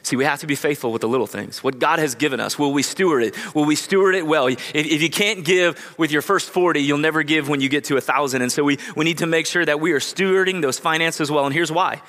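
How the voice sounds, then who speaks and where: A man pastor preaching a conversational sermon, with lively acted-out quotes. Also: fairly high pitch, fast talker, hardly any pauses, in a large hall. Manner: energetic, conversational, acts out quotes. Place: church sanctuary.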